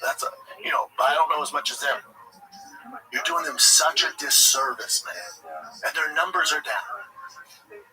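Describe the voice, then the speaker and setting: A man's voice: a little high, expressive, measured pace, long pauses, sharp tone, rough recording. A man hosting a livestream, delivering a blunt, profane, indignant rant about a sport. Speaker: livestream host. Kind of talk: heated commentary rant.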